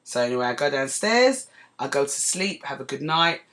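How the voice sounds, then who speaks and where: A woman hosting a podcast, telling a personal story in a chatty, digressive way that turns animated as she relives it. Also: a bass voice, moderate pace. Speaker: podcast host. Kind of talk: casual storytelling monologue.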